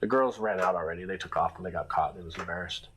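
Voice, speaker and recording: A man's voice: deep voice, fast, a bit bright, slight background noise, rough recording. A man who runs security at a nightclub, telling a long casual story with lots of fillers and restarts. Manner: rambling, many fillers and restarts.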